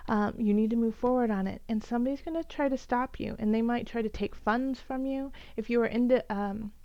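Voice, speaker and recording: A woman's voice: fairly high pitch, a little fast, dry recording, muffled recording. A woman giving an earnest, encouraging tarot reading for each zodiac sign, with many fillers and restarts. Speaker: tarot reader.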